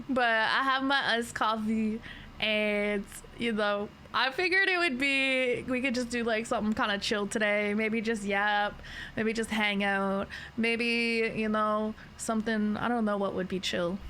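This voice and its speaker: A woman's voice: a little high, slow pace, bright, forceful tone, a little hiss or hum. A sleepy woman livestreamer in casual chat, rambling and giggling as she talks, with plenty of slang.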